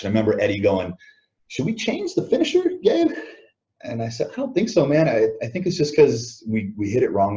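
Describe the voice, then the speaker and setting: A man being interviewed as a guest, telling backstage stories in a casual way, acting out what others said and chuckling often. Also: fairly low pitch. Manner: animated anecdotes, acts out quoted lines, chuckles often. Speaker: interview guest, former wrestler. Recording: dull lo-fi audio.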